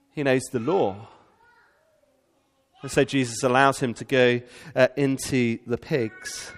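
A man preaching a sermon, animated and asking the congregation rhetorical questions. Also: medium pitch, slow pace, pauses often, big-room sound. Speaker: pastor.

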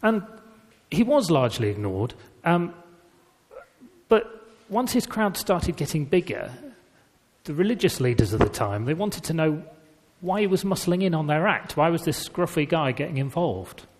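Lively preacher in a reverberant hall. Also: male voice, fairly high pitch, moderate pace. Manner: conversational storytelling with lively emphasis. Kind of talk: sermon.

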